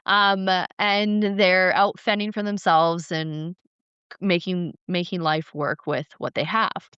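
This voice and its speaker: A woman co-hosting a podcast, casually retelling ancient myths with playful, animated flair. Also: fairly low pitch, takes it slowly, smooth, dry recording, muffled recording. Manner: animated, acts out characters, playful. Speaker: podcast co-host. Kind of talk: casual storytelling chat.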